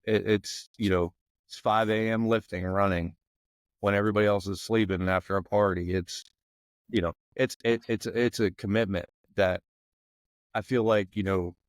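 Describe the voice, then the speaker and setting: A man's voice: lowish voice, fairly even intonation, normal speed, no echo. Rambling man with a dry sound. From McKeesport area, Pennsylvania. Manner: rambling, many fillers like "you know what I mean". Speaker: podcast guest, former football player. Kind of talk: casual podcast conversation.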